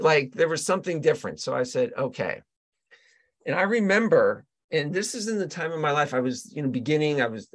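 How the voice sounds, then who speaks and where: Animated man telling a story. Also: medium pitch. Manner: animated storyteller, trailing restarts. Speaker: guest, real estate agent and coach. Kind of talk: storytelling in a casual interview. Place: Colorado.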